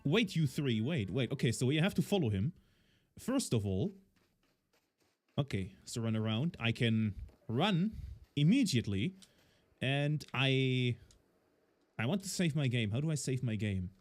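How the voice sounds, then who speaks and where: A man's voice: mid-range voice, very animated, measured pace, long pauses, a little mellow. Man rambling through a game stream. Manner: rambling and thinking aloud, many fillers. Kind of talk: casual gameplay commentary.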